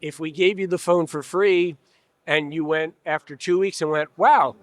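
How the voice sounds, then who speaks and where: His voice sits fairly high, with fairly even intonation, a moderate pace and no echo. In a casual expo-hall interview, the trade association president stays candid and wry, acting out little quoted exchanges between customers and dealers.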